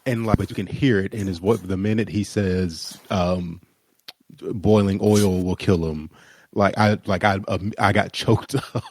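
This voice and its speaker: A man's voice: low voice, steady tone, measured pace, a little mellow, breathy edge. A man co-hosting a podcast, speaking casually and earnestly, also reading listener mail aloud. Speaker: podcast co-host. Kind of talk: casual chat.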